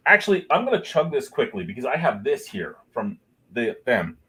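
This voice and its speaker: A man's voice: medium pitch, very animated, moderate pace, a bit bright, a little hiss or hum. A man in a casual beer chat, ranting with lots of swearing and exasperation. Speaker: guest.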